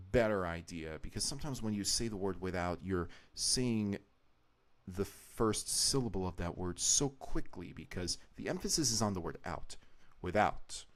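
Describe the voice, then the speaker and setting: A man with a very deep voice gives live-stream commentary while he edits a video. He explains each choice at length, wanders off on side thoughts and restarts his sentences as he goes.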